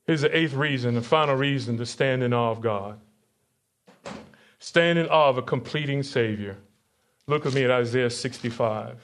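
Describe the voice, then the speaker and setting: A man's voice: medium pitch, moderate pace. A man preaching a sermon as pastor, reading verses aloud and putting questions to his congregation. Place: church sanctuary.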